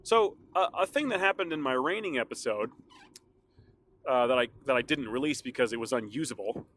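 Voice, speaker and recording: A man's voice: mid-range voice, animated, brisk, fairly bright tone, slight background noise. A man hosting his own podcast, chatting alone in a rambling, casual way with frequent laughs, his throat a little sore. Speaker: podcast host. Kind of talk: casual solo podcast chat.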